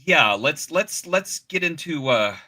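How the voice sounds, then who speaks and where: A man's voice: a little high, expressive, takes it slowly, sharp tone. A man hosting a casual podcast, joking and theatrical as he banters with his co-hosts. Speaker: podcast host.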